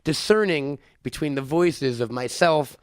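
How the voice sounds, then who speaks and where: Man, podcast co-host from New York, slightly high voice, dry and close, quick joking banter. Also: dry recording. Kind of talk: casual chat.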